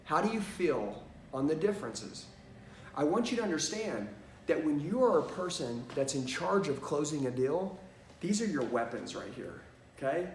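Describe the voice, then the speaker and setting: A man's voice: a little high, far from the mic, a little hiss or hum. Emphatic male sales trainer in an echoey room. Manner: emphatic, repeats "okay?" and "watch this". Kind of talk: energetic sales training lesson.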